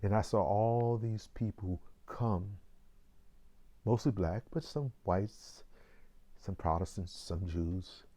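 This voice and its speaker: An older man in his sixties tells a personal story in a deep, mellow voice. He speaks slowly and takes deliberate pauses between phrases. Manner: slow, measured, with deliberate pauses.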